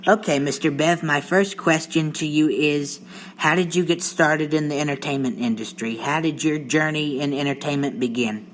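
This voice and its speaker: A man's voice: fairly high pitch, moderate pace, a bit bright, slight background noise. A man hosting a radio show, greeting listeners formally and putting polite questions to his guest. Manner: formal, polite, brief prompts. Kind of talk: scripted show opening and interview questions.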